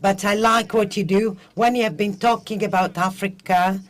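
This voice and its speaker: A woman's voice: mid-range voice, fairly even intonation, normal speed. Earnest young woman. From Democratic Republic of the Congo. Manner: hesitant, earnest, searching for words. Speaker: audience member asking a question.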